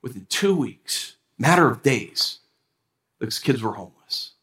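A man preaching a sermon as a pastor, animated and acting out complaints to God with a rising voice. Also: mid-range voice, a little slow, roomy sound.

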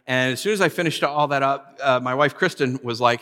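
A man in his thirties preaching a casual storytelling sermon as pastor, animated and acting out voices from his stories. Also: mid-range voice, fairly quick, hardly any pauses. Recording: long hall reverb.

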